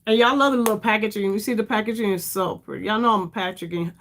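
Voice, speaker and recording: A woman's voice: mid-range voice, steady tone, quick pace, fairly bright tone, a little hiss or hum. A middle-aged woman hosting a casual makeup livestream, chatty and rambling, calling her viewers "y'all" and sounding tired. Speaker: beauty livestream host.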